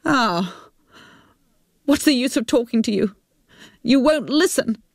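Woman doing a teary middle-aged mum, defensive and pleading, slow storybook read. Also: a little high, expressive, dry recording, studio quality, pitched above the performer's own voice, full character voice. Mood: angry. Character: tearful unfaithful middle-aged mother.

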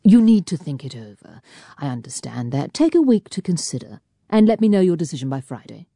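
Woman reader as a brisk, formal gentleman boss, low husky voice, dry sound. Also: very animated, no echo, heavily acted. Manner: clipped, formal, commanding. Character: authoritative gentleman employer, brisk and commanding.

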